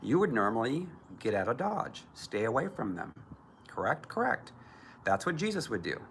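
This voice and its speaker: A man's voice: medium pitch, very animated, brisk, slight background noise. A man preaching as a Christian minister, emphatic and often mocking others in put-on voices. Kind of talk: preaching to camera.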